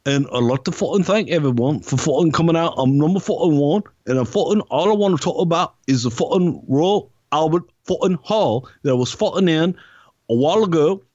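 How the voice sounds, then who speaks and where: A man's voice: on the high side, animated, brisk, a little mellow, no room sound. A man impersonating a male wrestler who rambles on and swears every few words. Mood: rambling. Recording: dry muffled lo-fi recording.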